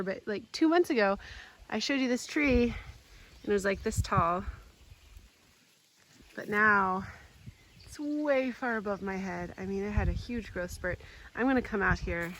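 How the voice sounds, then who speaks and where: A woman giving a casual tour of her home garden, gushing with excitement and often dropping to a soft whisper. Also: mid-range voice, a little slow. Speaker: homestead vlogger.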